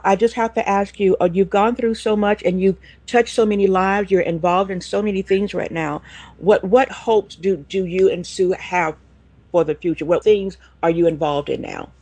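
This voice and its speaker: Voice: mid-range voice, husky, dry recording. The host of a faith interview, speaking emphatically and praising the guest's story. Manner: emphatic, warm exclamations of praise.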